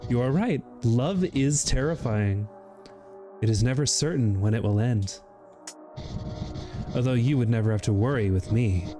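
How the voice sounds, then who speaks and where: A man voicing an ominous demon suitor who promises endless love, speaking in a slow, drawn-out, seductively menacing way. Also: medium pitch, over music, lightly acted.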